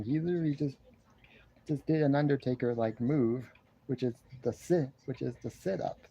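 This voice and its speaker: Rambling congested man with a mellow voice. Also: medium pitch, normal speed, vocal fry, slightly rough, muffled recording. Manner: rambling, repeats his own phrases. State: congested, keeps clearing his throat. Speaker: wrestling show reviewer. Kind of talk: casual review commentary. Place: living room at home, seated on a love seat. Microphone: camera in front of him.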